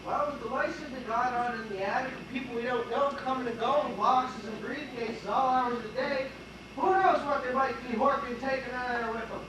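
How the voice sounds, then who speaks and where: A woman's voice: high voice, a little fast, noisy background, lightly acted. A woman playing a nosy neighbor woman, speaking in a blunt, teasing way on stage. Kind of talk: amateur stage acting. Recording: distant stage voice in very echoey hall.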